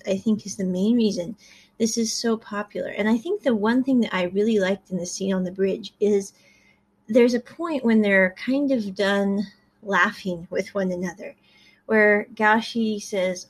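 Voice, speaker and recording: A woman's voice: medium pitch, measured pace, slightly rough. A woman hosting a podcast, casually recapping a drama series with rambling, self-correcting asides.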